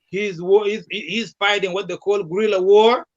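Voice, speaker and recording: A man, a candidate being interviewed who drives his points home by repeating them. His voice sits high for a man. The call audio sounds dull and lo-fi. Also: steady tone, moderate pace. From South Sudan. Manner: emphatic, repetitive rallying speech. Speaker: presidential candidate, guest. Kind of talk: remote talk-show interview.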